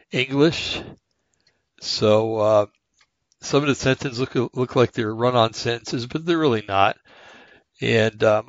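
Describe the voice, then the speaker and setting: An older man hosting a radio show, with a raspy, haggard voice, talking casually and reading aloud slowly, with many pauses and fillers. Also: mid-range voice, no echo, highs cut off. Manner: slow, halting, many fillers and restarts.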